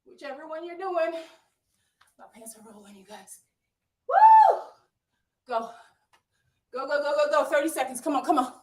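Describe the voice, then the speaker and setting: A high-voiced woman leads a workout, puffing as she cheers her class on and counts down the seconds. She speaks from well back from the mic in an echoey room. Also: expressive, moderate pace, long pauses, far from the mic. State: out of breath. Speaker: fitness instructor. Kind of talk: live workout coaching.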